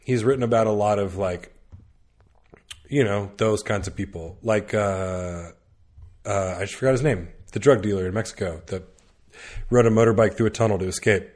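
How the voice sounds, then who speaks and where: Man, low voice, casual chat, rambling, filler-heavy. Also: moderate pace, darkish tone. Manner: rambling, full of "like" and restarts, laughs easily. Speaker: podcast guest recommending media.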